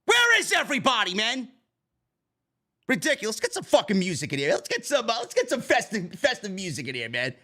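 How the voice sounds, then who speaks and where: Lively, high-voiced ranting male host. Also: brisk. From New York. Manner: profane, griping rant. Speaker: livestream host. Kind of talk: live post-show stream review.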